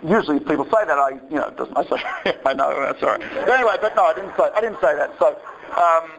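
A man's voice: fairly high pitch, fast talker, lo-fi sound. A man giving a humorous talk, animatedly telling anecdotes and acting out the voices in them. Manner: animated storytelling, acts out voices.

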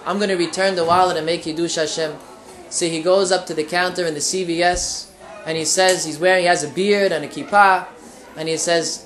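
A Torah teacher tells a moral story in a relaxed religious lesson. The voice sits in an ordinary middle pitch and restarts phrases often while acting out what each character says. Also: a little fast, a little hiss or hum. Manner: retells stories with quoted dialogue, frequent restarts.

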